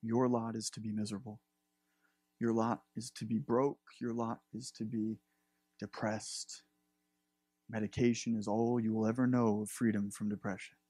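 A man voicing a low, discouraging inner voice of the liar, taunting the listener. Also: level tone, moderate pace, warm tone, breathy edge, dry recording.

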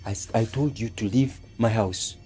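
An actor playing an abusive, domineering husband in a short film, harsh and commanding. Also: male voice, lowish voice, moderate pace, close to an everyday voice. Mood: furious. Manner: harsh, commanding, shouting threats. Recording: faint music behind.

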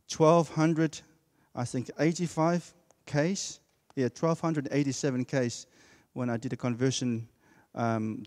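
A man delivering a sermon at a very slow, deliberate pace, his voice carrying a long church-hall reverb. He leans on key words and repeats them for emphasis, in a mid-pitched voice. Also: darkish tone. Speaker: preacher.

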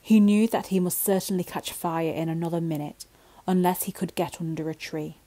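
Mellow, low-voiced woman reading a bedtime story. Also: fairly even intonation, normal speed, rough recording.

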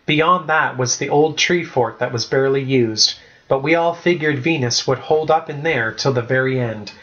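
A man reading a chapter-book story aloud as a first-person narrator, with a steady, even-paced delivery. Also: mid-range voice, normal speed, dull audio. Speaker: audiobook narrator.

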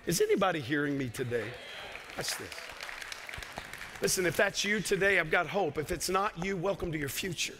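A man's voice: sits high, expressive, moderate pace, in a large hall, a crowd in the background, background noise. A man preaching a sermon as pastor, emphatic and repeating key phrases. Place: church sanctuary.

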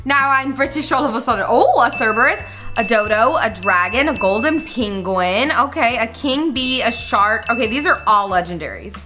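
A woman's voice: on the high side, lively intonation, normal speed. A woman hosting a gaming channel, chatting straight to her viewers as she plays, bubbly and prone to squeals and gasps. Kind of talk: excited game-play commentary to viewers. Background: background music.

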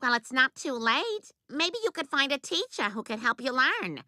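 A patient cartoon wife coaxes and nudges in a very bright, lively voice. She sounds reasonable but insistent. The recording is dry and close. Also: sits high, normal speed, no room sound, exaggerated voice. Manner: coaxing, reasonable. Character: patient, nagging middle-aged wife.

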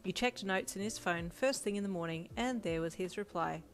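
A woman reading a second-person fanfiction story aloud in a steady, plain storytelling voice. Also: medium pitch, normal speed, hardly any pauses. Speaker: fanfiction reader. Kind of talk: second-person audiobook narration.

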